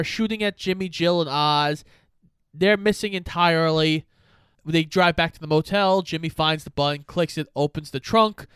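A man's voice: a little high, fairly bright tone, clear, resonant tone, no room sound. A man co-hosting a casual movie recap podcast, wryly summarizing the plot. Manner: wry plot summarizing, acts out lines. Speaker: podcast co-host.

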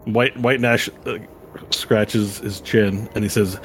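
A man's voice: on the low side, fairly even intonation, measured pace, a bit bright, slight background noise. A man running a tabletop game as game master, narrating loosely with fillers. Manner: rambling with fillers and laughs.

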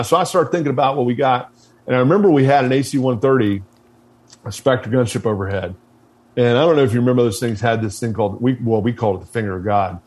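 A man's voice: medium pitch, fast, a little mellow. A man, a military veteran, telling a war story in a blunt, casual way, swearing freely and restarting his sentences often.

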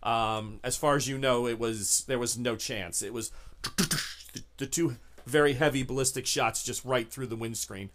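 A man running a tabletop horror game as game master, narrating scenes in halting bursts with many fillers. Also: mid-range voice, fairly even intonation, a bit bright, slight background noise. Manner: halting, many restarts and fillers while describing.

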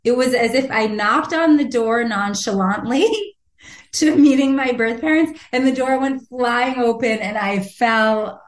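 A woman guest recounts a personal story in an animated interview. Her voice sits a little high, and she breaks into laughter often. She acts out the voices she quotes, and the room adds a noticeable echo. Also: unhurried. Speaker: guest, author.

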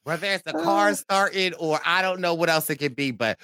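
High, lively young man hyping a tour. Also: a little slow, no echo, clean studio sound. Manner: laughing, hyped, playful promo delivery. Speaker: podcast co-host promoting live tour. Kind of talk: casual chat.

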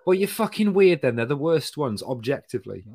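A man's voice: fairly high pitch, very animated, fairly quick, darkish tone, slightly rough. A man co-hosting a podcast in casual banter, swearing freely and teasing his co-host with mock exasperation.

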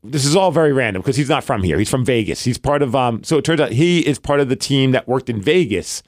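A man with a New York accent, co-hosting a casual podcast. He tells a long story at an everyday pitch and keeps breaking into the voices of the people he quotes. The sound is dry, with no room echo. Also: expressive, fast, a little mellow. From Brooklyn, New York. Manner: rambling, acts out quoted dialogue. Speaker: podcast co-host.

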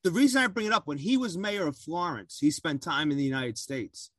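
A man's voice: on the high side, animated, a little fast, a bit bright, no echo, clean studio sound. A man from New Jersey, a congressman guest, talking in casual conversation in an enthusiastic, emphatic way.

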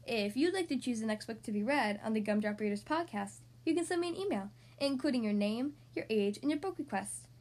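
Lively high-voiced woman reading a storybook. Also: fairly quick, hardly any pauses. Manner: expressive, animated. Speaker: podcast host reading to children.

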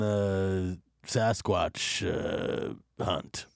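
A man giving an animated, profane movie review, ranting with mock hostility and frequent laughter. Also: fairly low pitch, measured pace, no echo, studio quality. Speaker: film reviewer.

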